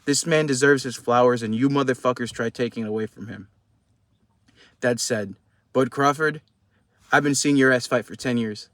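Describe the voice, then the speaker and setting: A man's voice: medium pitch, normal speed, long pauses, fairly bright tone, dry recording. A young man giving heated, profane post-fight boxing commentary in a casual vlog. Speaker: boxing vlogger.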